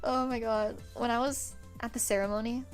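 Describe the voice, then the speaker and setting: A woman's voice: a little high, steady tone, moderate pace, soft background music. A woman in her twenties chatting casually with her stream viewers, loose and profane, laughing often. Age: 20s. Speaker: livestreamer.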